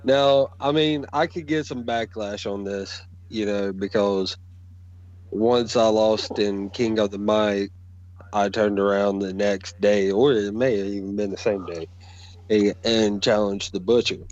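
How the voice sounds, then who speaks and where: A blunt, profane man with a drawl talks slowly in a low voice, trash-talking in casual chat. The recording is a little dull and lo-fi. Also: steady tone, a little mellow. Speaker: guest wrestling promo performer.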